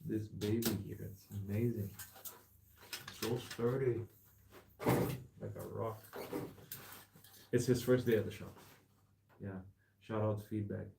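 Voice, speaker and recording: A man's voice: on the low side, steady tone, slow pace, gravelly, pauses often, very noisy. A young man, chatting casually while repairing a bike in his shop, rambling and calling the listener man and bro. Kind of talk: casual chat while working.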